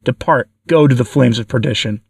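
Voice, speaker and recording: A stern bishop casting out a demon, voiced by a man reading a story, solemn and commanding. His pitch is middle for a man. The sound is dry and distant from the microphone. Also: a little fast, vocal fry, breathy edge, no room sound. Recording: dry, from far off the mic.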